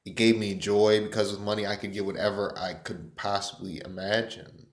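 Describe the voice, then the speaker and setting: A man rants in a rambling, profane way. His voice sits on the low side. The room around him is echoey. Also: level tone, moderate pace. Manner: rambling, profane, loud opening hype. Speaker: vlogger. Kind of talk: casual rant.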